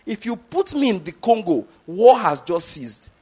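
A man with a Nigerian accent preaching in an emphatic, repetitive way. His voice sits high for a man. He keeps checking that his listeners follow him. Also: big pitch swings, measured pace, warm tone, breathy edge. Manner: emphatic, repeats points, asks the audience if they follow. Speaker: pastor. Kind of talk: sermon.

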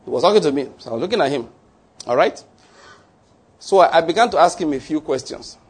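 A man preaching a sermon, reading Bible verses aloud and then explaining them slowly, checking in with listeners. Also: fairly high pitch, expressive, breathy edge. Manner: reads scripture then explains slowly, with restarts and "all right?".

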